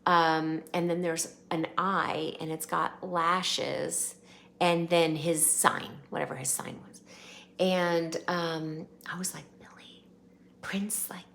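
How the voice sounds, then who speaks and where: Woman host, casual storyteller, chatty and animated, lowish voice, faint hiss underneath. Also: takes it slowly, vocal fry. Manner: chatty, animated, rambling anecdotes. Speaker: channel host.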